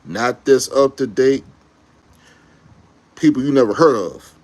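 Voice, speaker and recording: A man in the middle of a fan rant, talking straight to his viewers in a mid-pitched voice. He gets excitable and rambles in loose slang, stopping now and then to correct himself. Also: a little slow. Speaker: YouTube commentator. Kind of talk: casual fan rant to camera.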